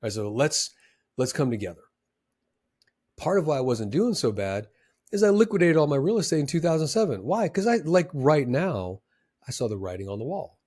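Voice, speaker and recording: Animated man telling trading stories. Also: fairly high pitch, normal speed, breathy edge. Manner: animated, emphatic storyteller with many fillers. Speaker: former trader giving advice. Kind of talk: casual motivational talk.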